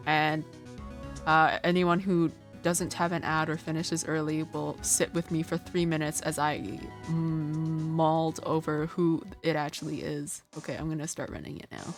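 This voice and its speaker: A woman streaming a video game, thinking aloud in a chatty way full of "like"s. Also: low-pitched. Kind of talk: casual game stream commentary.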